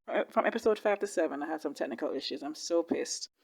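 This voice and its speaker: A woman hosting a casual video reaction to a TV drama, chatty and animated. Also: deep voice, fast talker, a little hiss or hum. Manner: chatty, animated, laughs easily. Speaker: YouTube reaction host.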